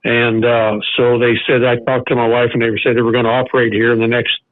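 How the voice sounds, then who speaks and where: An older man, a former baseball coach, tells a personal story as a podcast guest, halting and restarting often. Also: medium pitch, monotone, no room sound. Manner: halting, with many restarts and fillers. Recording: narrow phone-like sound.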